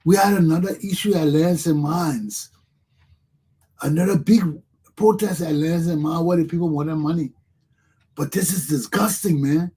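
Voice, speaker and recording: A man's voice: a little high, normal speed, pauses often, dark tone, breathy edge. A man with a Liberian English accent hosting a talk show, giving impassioned political commentary and repeating himself as he addresses his listeners.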